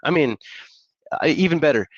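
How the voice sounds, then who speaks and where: A man with a slightly high voice speaks at a normal speed in a dry, muffled recording. He's a real estate investor and coach on a live stream, talking energetically with casual slang, hype-coach delivery, repeated motivational points and chatty asides to viewers.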